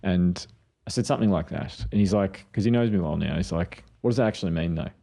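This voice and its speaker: A man's voice: sits low, quick pace, gravelly, mellow. A man, a mental health clinician co-hosting a parenting podcast, telling stories and acting out what people said. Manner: storytelling, acts out quotes. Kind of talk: casual parenting chat.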